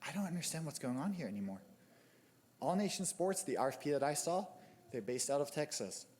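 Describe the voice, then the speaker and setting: A man's voice: a little high, sing-song, a little fast, darkish tone. A man giving an angry, exasperated public comment at a city commission meeting, stumbling over his words at a podium microphone. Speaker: youth soccer club member speaking at public comment.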